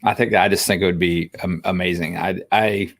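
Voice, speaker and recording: A man co-hosting a casual podcast chat, easygoing and quick with a joke. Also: low-pitched, fairly even intonation, fairly bright tone. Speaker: podcast co-host.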